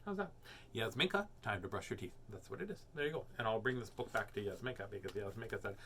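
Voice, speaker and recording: A man's voice: lowish voice, lively intonation, fast talker, fairly bright tone, husky. A man hosting a children's reading show, chatting casually and playfully to his viewers. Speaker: children's book reader and host.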